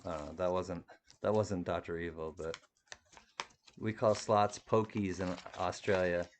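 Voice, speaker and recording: A man's voice: deep voice, steady tone, unhurried, slight background noise. A man hosting a live stream in a casual, rambling chat, reading viewer comments and laughing often. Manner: rambling, chatty, laughs often, many restarts. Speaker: livestream host reading chat.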